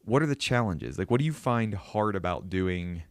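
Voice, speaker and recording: Very deep-voiced male podcast host. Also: expressive, normal speed, no room sound, studio quality. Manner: probing, lists points before asking. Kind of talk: casual interview chat.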